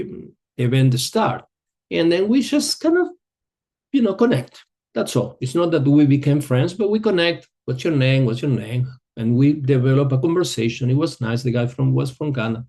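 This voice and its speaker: A middle-aged man who is not an English speaker, teaching a yoga group in a relaxed way, telling a personal story and often searching for words. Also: mid-range voice. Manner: relaxed, searching for words, non-native phrasing.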